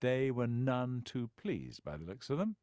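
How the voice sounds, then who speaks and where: A male narrator reads a story with lively, expressive intonation that swings widely. He tells it with a wry storyteller's touch. The recording is close and dry, with no room around it. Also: medium pitch, unhurried, no room sound. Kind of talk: scripted narration.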